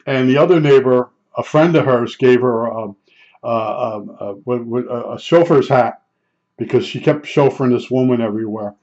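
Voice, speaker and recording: Older man, mid pitch, rambling blunt storyteller; dull lo-fi audio. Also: normal speed, a little mellow. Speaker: vlogger. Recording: dull lo-fi sound.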